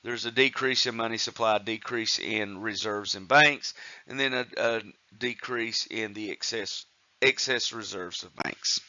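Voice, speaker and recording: A man's voice: on the low side, a little slow, sharp tone, dry recording, dull audio. A man teaching economics in a recorded lecture, explaining step by step with frequent fillers and restarts. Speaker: economics instructor.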